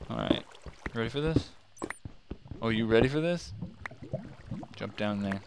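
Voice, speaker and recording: A man hosting a gaming channel, talking to himself in casual, excitable commentary as he plays. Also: medium pitch, measured pace, creaky, pauses often, background noise. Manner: chatty, excitable, talks to himself while playing.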